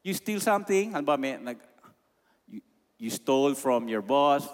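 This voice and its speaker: Man, Filipino accent, preaching, emphatic, mid-pitched voice, long hall reverb. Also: brisk. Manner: emphatic, mixes in Tagalog phrases. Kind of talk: sermon.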